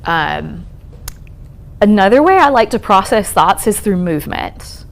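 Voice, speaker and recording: With a gravelly, medium-pitched voice, this therapist delivers a wellness conference talk on trauma and resilience in a college lecture room. She is very animated yet unhurried, reassuring and chatty, with plenty of "um" and "okay?" check-ins.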